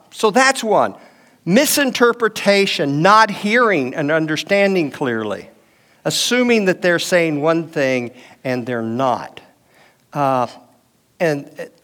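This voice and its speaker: A middle-aged man teaches a marriage class in an easy, conversational way. His voice sits slightly high for a man, and he slips into quoted back-and-forth from everyday life to make his points. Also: fairly bright tone. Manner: conversational, uses personal anecdotes and quoted dialogue. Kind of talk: teaching session with audience questions.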